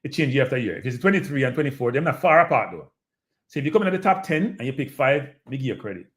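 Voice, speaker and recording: A man's voice: medium pitch, fast talker. A man with a Jamaican accent hosting a live show, talking casually and animatedly to his audience and often repeating himself. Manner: animated, repetitive, addresses audience as people. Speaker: show host. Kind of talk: casual live-stream commentary.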